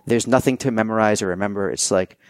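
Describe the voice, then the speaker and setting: Male podcast guest, low voice, dry sound, loose animated storyteller. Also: fast talker, no echo. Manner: animated storytelling, acting out quoted thoughts; loose and conversational, many fillers. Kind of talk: casual conversation.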